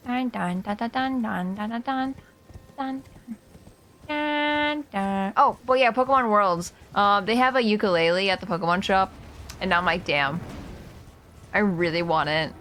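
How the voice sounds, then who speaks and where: A woman streaming a game, chatting casually, humming to herself and yelling at enemies. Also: medium pitch, slight background noise. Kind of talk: casual gameplay commentary.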